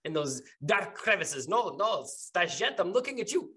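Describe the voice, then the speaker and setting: A man voicing a bossy woman guard captain, giving quick, commanding orders in a tabletop game. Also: sits high, very animated, sharp tone, breathy edge, pitched above the performer's own voice, heavily acted.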